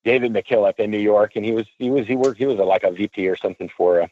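A man, an auctioneer, telling a long anecdote in a radio interview, casual and animated, and he acts out what people said. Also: on the low side, fast, phone-quality sound. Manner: animated storyteller, acts out quotes; casual, swears freely. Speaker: auctioneer guest. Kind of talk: storytelling interview.

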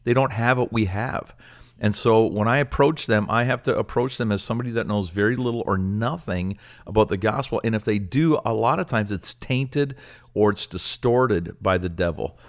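A man's voice: lowish voice, moderate pace. A man who is a pastor, speaking earnestly and casually in a ministry discussion, with many fillers.

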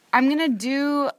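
A woman's voice: high-pitched, dry recording, clean studio sound. A woman co-hosting a podcast, teasing and arguing her opinions in casual chat. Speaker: podcast co-host.

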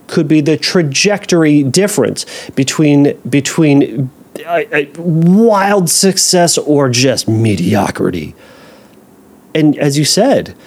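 A man talks through a listener's question on his podcast, relaxed and chatty. His voice moves a lot in pitch and he slips into mock-anxious voices to act out worried thoughts. He drops playful side comments along the way. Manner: animated, acts out anxious inner voices, jokey asides. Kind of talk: casual advice talk.

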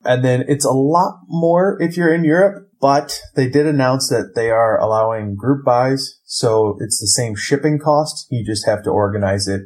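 A man from Ohio, co-hosting a casual board game podcast, explaining games in a relaxed, rambling way. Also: mid-range voice, normal speed, few pauses. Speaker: podcast co-host.

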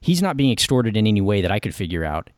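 A man's voice: on the low side, big pitch swings, quick pace, no echo, studio quality. A man co-hosting a casual podcast, wry and laid-back as he picks apart a movie's plot. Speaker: podcast co-host. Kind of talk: casual movie-riff chat.

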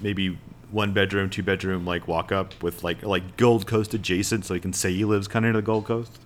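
A man's voice: deep voice, little pitch movement, moderate pace, slight background noise. A man co-hosting a casual film podcast, riffing playfully and acting out movie lines. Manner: playful, riffs on jokes, acts out movie lines. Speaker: podcast co-host. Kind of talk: casual film discussion chat.

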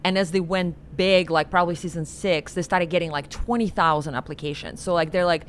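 A woman's voice: lowish voice, steady tone, fairly quick, a little hiss or hum. A woman hosting a casual chat, rambling with many fillers. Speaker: podcast host.

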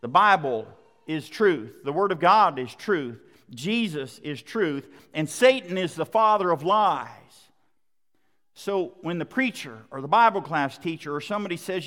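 A man's voice: high-pitched, animated, a little slow, a bit bright, long reverb tail. A man preaching a sermon in an emphatic, repetitive cadence, speaking to a congregation.

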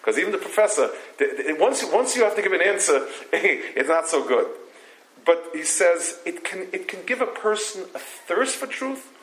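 A man's voice: high voice, very animated, moderate pace, fairly bright tone. An older man teaching a religious text, reading Hebrew lines and translating them, with many stumbling restarts. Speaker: Torah teacher. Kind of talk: text-study lecture. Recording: roomy echo.

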